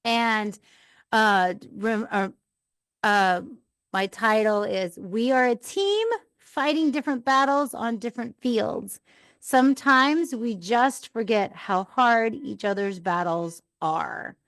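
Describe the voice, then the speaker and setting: A woman's voice: a little high, slow pace, a bit bright, no room sound. A woman hosting a live podcast, telling an earnest, rambling personal story as a mom. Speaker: podcast host.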